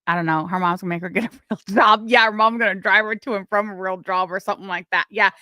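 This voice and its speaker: Woman livestream host, bright and crisp, dry close sound, blunt and crude, prone to loud excited bursts. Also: medium pitch, fast, dry recording. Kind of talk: casual gossip commentary.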